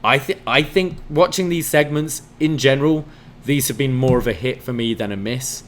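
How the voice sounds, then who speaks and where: A man's voice: mid-range voice, normal speed, slight background noise. A man reviewing a wrestling show in casual podcast chat, giving enthusiastic analysis with frequent fillers.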